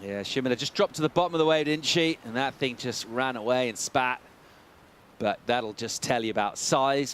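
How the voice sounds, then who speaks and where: A man's voice: medium pitch, a bit bright, slight background noise. A man working as play-by-play commentator, calling a surf contest live in a chatty, joking, upbeat way.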